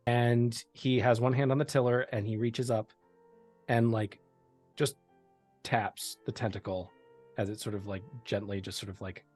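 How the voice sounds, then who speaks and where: A man narrating a tabletop role-playing game as game master, pausing often with fillers as he describes scenes. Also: lowish voice, flat delivery, a little mellow, faint music behind. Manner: halting, filler-heavy narration.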